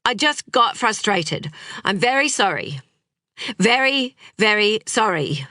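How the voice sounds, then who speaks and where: A man's voice: sits high, very animated, slow pace, sharp tone, no room sound, clean studio sound, pitched above the performer's own voice, heavily acted. A woman reading the part of a frazzled, guilt-ridden young father who swings from outbursts to apology. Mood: upset, apologetic.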